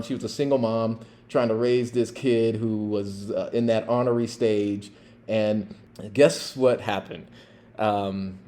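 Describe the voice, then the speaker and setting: A man in his fifties, a podcast host and former police officer, telling a personal story in a casual, animated way. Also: mid-range voice.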